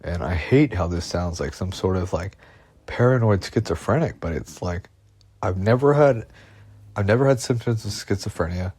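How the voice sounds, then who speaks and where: Low voiced guy ranting into his phone, anxious and sweary, dry close sound. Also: lively intonation, moderate pace, darkish tone, slightly rough, no room sound. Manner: anxious, agitated, profane, repeats himself. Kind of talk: rambling personal monologue. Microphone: phone voice memo.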